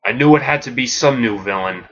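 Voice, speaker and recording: A man voicing a brooding masked hero who speaks in a steady, grave way. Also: mid-range voice, brisk, highs cut off, slight background noise, close to an everyday voice. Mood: grim. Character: brooding masked male hero, grim and resolute.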